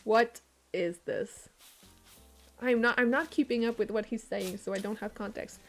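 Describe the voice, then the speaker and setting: A young woman chatting casually on a game stream, excitable and swearing, with frequent laughs. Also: a little high, normal speed, soft background music. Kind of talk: casual live-stream chat while gaming.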